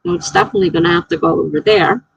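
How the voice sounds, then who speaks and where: A woman's voice: lowish voice, racing, vocal fry, muffled recording, a little hiss or hum. A woman hosting a casual writing livestream. She chats, laughs often, thinks aloud and reads viewer comments out.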